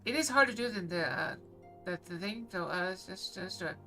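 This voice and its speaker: A woman chatting quickly and playfully to her live-stream viewers while gaming, sometimes reading game lines aloud. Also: lowish voice, animated, bright, forceful tone, soft background music. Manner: fast-talking, bubbly, apologizes for talking too fast; reads game dialogue aloud.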